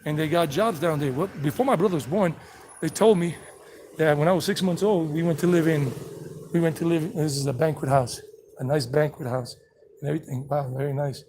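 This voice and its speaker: A man's voice: fairly high pitch, a little fast, a little mellow. A man with a mix of South Carolina and New York accents, chatting casually on a live-streamed walking tour, rambling as he walks outdoors and reads chat messages from his phone. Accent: mixed South Carolina and New York. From United States. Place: outdoors on city streets, traffic passing. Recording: faint street traffic noise.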